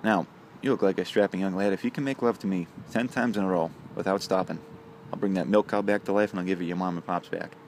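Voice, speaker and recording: A man's voice: low-pitched, fairly even intonation, fast, few pauses, a little mellow, a little hiss or hum. A man voicing a scheming female leprechaun who lays out bargains in a matter-of-fact way. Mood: bargaining. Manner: matter-of-fact deal-making.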